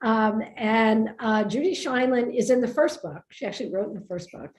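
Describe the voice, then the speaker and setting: A woman from Brooklyn with a New York accent, an author and writing teacher telling stories in an emphatic, animated way at a book event. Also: on the high side, normal speed. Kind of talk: lively conversation at a book event. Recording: roomy echo.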